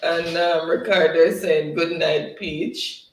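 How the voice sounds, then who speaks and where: Guy hosting a stream, reads comments out slow n laughs a lot, mic kinda far off. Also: fairly high pitch, fairly even intonation, a little hiss or hum. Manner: giggly, laughs often between comments. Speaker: livestream host. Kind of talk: casual livestream chat, reading viewer comments aloud. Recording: roomy, distant from the mic.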